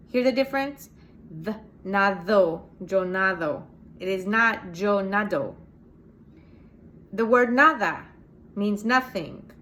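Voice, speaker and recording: A woman's voice: mid-range voice, fairly bright tone, slight background noise. An American woman, a Spanish teacher, giving a casual video lesson, explaining step by step, spelling out letters and modeling pronunciations. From United States.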